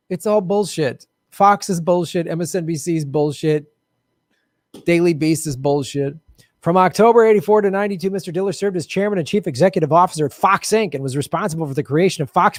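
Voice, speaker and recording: Sarcastic, animated man with a high voice. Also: dry recording, studio quality. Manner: blunt, swears often. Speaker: political commentary host. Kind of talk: online commentary monologue.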